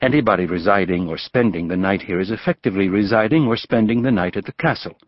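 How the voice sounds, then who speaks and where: A man's voice: lowish voice, fast talker, no echo, dull audio, close to an everyday voice. A man voicing a haughty young steward's son in an audiobook, officious and indignant.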